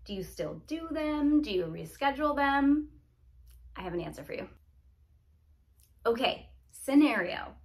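A woman's voice: sits high, unhurried, long pauses. A woman who runs a lash business, giving casual, chatty advice to other lash artists and acting out client scenarios. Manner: chatty, lively, acts out scenarios.

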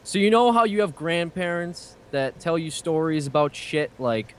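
A young man calling in to a gaming podcast, joking deadpan and swearing casually. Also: on the high side, moderate pace, few pauses, clean tone. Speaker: caller. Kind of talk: casual call-in chat.

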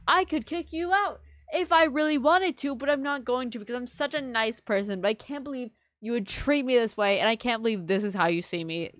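Woman streamer, playful and mock-offended, higher voice, dry close sound; easygoing live chat with viewers. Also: no echo. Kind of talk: casual livestream chat with viewers.

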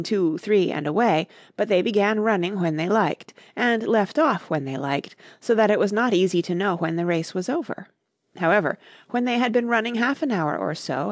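A woman narrating a classic storybook in a clear, measured reading. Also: mid-range voice, no room sound, studio quality. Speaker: audiobook narrator.

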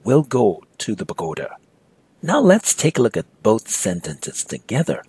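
Man, language teacher, husky, animated delivery, dry close sound. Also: mid-range voice, no room sound. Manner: patient, explains step by step, repeats words slowly. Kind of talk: scripted language lesson.

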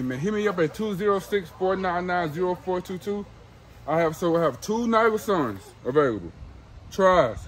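Hyped high-voiced man selling puppies. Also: rough recording. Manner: hyped, repeats himself, slangy street talk. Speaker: dog breeder. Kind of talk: casual sales video.

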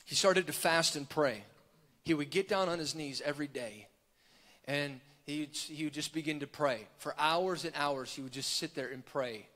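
Fervent high-voiced male preacher in a hall. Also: moderate pace. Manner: builds from quiet telling to fervent shouting. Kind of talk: sermon storytelling. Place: large church hall. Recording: long church hall reverb.

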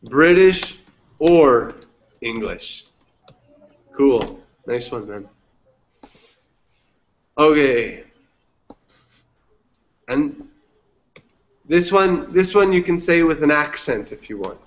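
Guy teaching english, slow and patient, drops into spanish to explain stuff. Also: on the high side, animated. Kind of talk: one-on-one language lesson.

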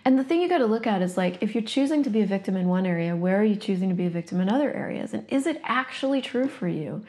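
A woman's voice: mid-range voice, expressive, fast, darkish tone. A woman speaking as a facilitator in a blunt, emphatic motivational monologue, swearing freely and reading passages aloud from a workbook. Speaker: coaching facilitator.

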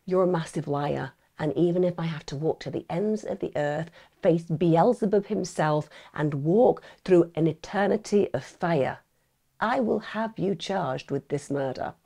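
A sarcastic, indignant detective, as a woman acts her out. She questions the suspect with open disbelief, pressing hard. Her voice sits low with a gravelly edge. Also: sing-song, moderate pace, mellow. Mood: vowing.

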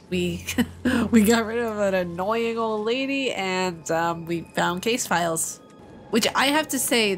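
A woman's voice: medium pitch, a little hiss or hum. Playful, chatty woman gamer. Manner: playful, chatty, talks to the viewers. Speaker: gaming channel host. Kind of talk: casual let's-play commentary.

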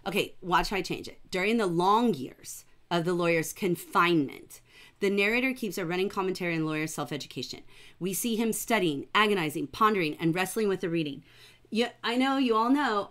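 A middle-aged woman teaching a livestreamed writing class from her home computer, warm and enthusiastic as she praises her students' work. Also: mid-range voice.

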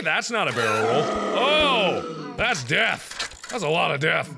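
Wildly animated high-voiced male gamer. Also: slow pace, gravelly, slight background noise. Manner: loud, jokey, swings between deep mutters and high yelps. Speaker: gaming video host. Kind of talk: energetic let's-play commentary.

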